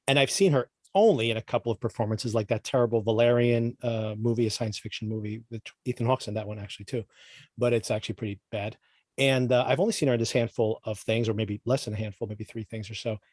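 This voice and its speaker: Fast-talking opinionated man. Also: on the low side, fairly even intonation, a little mellow, no echo, clean studio sound. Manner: rambling, opinionated, restarts mid-phrase. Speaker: podcast co-host. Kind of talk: casual chat.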